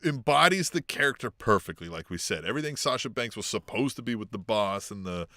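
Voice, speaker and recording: A young adult man co-hosting a podcast in casual chat, profane and quick to laugh, reading out chat comments. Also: on the low side, animated, sharp tone, dry recording. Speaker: podcast co-host.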